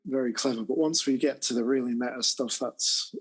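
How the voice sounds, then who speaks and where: A man chatting on a film podcast in a relaxed, agreeable way. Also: mid-range voice, fairly quick, husky. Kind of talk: casual film discussion.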